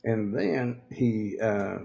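A man's voice: fairly low pitch, expressive, extremely slow, gravelly, dark tone. A man with a Southern US accent who leads a church, telling a rambling story in a preachy, denouncing way with many fillers and asides. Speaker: church leader hosting a religious program. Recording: muffled lo-fi recording.

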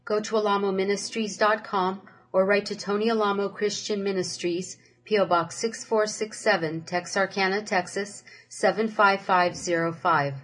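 A woman's voice: mid-range voice, poor audio. A woman announcer on a religious radio program, steadily reading out addresses and phone numbers. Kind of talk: reading out contact details.

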